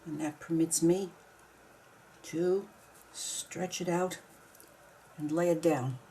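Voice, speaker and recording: Over some background noise, a woman with a deep voice and fairly even intonation narrates a craft project casually, taking it slowly. She walks herself through each step and occasionally grumbles mildly at the task for her craft video.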